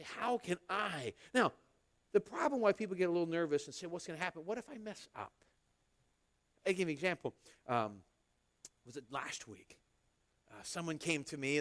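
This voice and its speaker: Animated high-voiced man preaching a sermon. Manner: conversational and animated, acting out little exchanges. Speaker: pastor. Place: church sanctuary.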